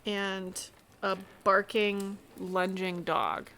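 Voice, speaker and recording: A woman's voice: medium pitch, fairly even intonation, bright, forceful tone. Woman running a tabletop game, faint hiss. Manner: thinking aloud, halting, fiddling with a map program. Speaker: game master.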